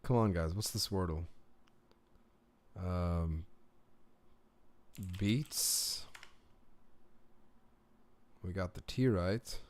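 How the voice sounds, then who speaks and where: A man from the United Arab Emirates who grew up in the Gulf hosts a casual live stream from home, answering comments, telling rambling stories, and thinking aloud over a word puzzle while laughing often. His voice is low and a little mellow, very slow, with long pauses.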